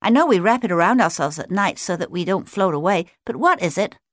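A woman's voice: lowish voice, animated, fairly quick, dry recording, pitched above the performer's own voice. Pat, a woman doing a tiny curious girl otter, always asking questions, up and down storybook voice, dry close sound. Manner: full of questions. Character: small young female sea otter, curious.

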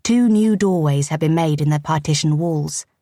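A woman reading a novel aloud as an audiobook narrator, with measured, arch storytelling delivered close to a studio mic. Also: low-pitched, warm tone, dry recording. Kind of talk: scripted narration.

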